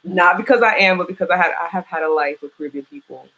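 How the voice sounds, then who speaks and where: A young adult woman with a New York accent hosting a casual live chat, frank and profane, swooping up in pitch when she gets worked up. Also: fast, fairly bright tone, rough recording. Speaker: podcast host.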